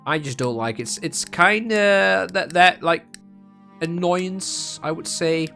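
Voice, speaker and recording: A man's voice: sits high, takes it slowly, gravelly, sharp tone, soft background music. A young man from the Netherlands with a Dutch accent, chatting casually as a gaming streamer and rambling with many ums and restarts. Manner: rambling and self-mocking, with frequent ums and restarts.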